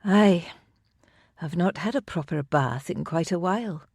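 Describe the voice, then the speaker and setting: An audiobook narrator voicing a courageous young female noblewoman, in a soft, breathy manner, recorded dry. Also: mid-range voice, animated, a little slow, dry recording, exaggerated voice. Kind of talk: audiobook dialogue.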